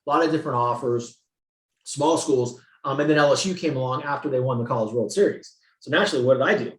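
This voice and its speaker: Man, interview guest, animated storyteller, swears freely, roomy sound. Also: mid-range voice, fast talker. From San Francisco Bay Area. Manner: animated, profane, acts out quotes. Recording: roomy echo.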